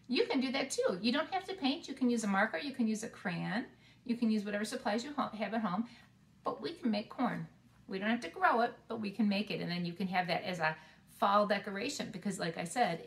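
A woman preschool teacher leading a video lesson, speaking slowly and clearly to small children. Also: mid-range voice, fairly bright tone.

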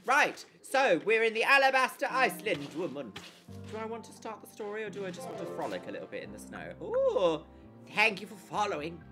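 A woman's voice: medium pitch, sing-song, fairly quick, over music. A young woman chatting casually on a live stream, giggling and thanking her viewers as she plays.

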